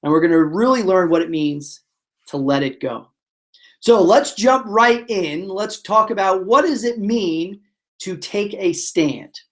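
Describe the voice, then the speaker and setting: Animated man giving a motivational webinar. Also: sits high, unhurried. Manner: animated storyteller, acts out voices. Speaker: motivational speaker.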